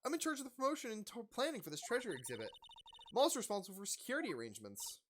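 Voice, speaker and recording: A woman's voice: fairly high pitch, sing-song, rapid-fire, slight background noise, voice pushed up. A woman voicing a composed, polite young woman who plans museum exhibits, speaking formally.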